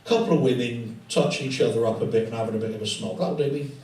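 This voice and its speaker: A man's voice: mid-range voice, racing, noisy background. A male comedian doing live stand-up in a tattoo studio, rambling and swearing freely in a conversational way. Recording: echoey room, distant mic, audience laughter.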